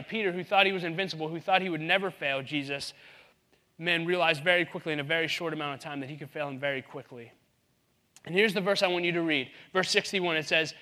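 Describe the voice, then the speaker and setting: A man's voice: a little high, sharp tone. A man preaching a sermon in an earnest, conversational way, often restarting his sentences. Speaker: pastor.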